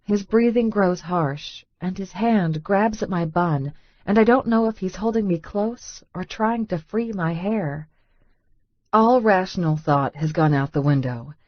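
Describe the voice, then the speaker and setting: A woman's voice: fairly low pitch, a little slow, no echo, muffled recording. A woman narrating a first-person romance audiobook in an intimate, breathless inner-monologue manner.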